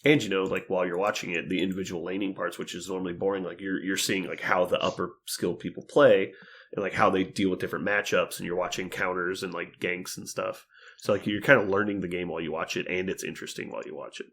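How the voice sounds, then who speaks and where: Gravelly-voiced young man, casual podcast chat. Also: low-pitched, steady tone, fast, fairly bright tone. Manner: profane, laughing, acts out quotes in raised voice. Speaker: podcast co-host.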